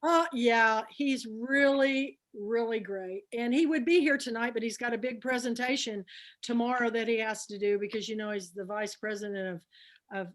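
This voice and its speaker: A woman with a somewhat high voice hosts a book club chat with eager, rambling enthusiasm. Her thoughts tumble out with fillers and restarts over a video-call mic. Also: normal speed.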